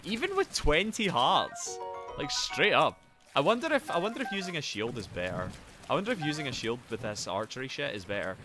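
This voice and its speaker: An excitable man rambles through casual gameplay chatter, his voice swinging widely up and down. He swears freely and jumps from calm musing to sudden yells, with music playing behind him. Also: mid-range voice. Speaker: gaming streamer.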